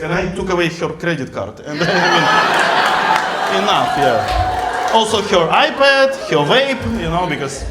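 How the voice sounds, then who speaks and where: A man's voice: high voice, a little slow. Middle-aged man doing stand-up in broken English. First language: not English. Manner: broken English, animated, shouts to the crowd near the end. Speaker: stand-up comedian. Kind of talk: stand-up set. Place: comedy club stage in front of a live audience. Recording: roomy club sound with crowd laughter and noise. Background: audience laughing, room noise.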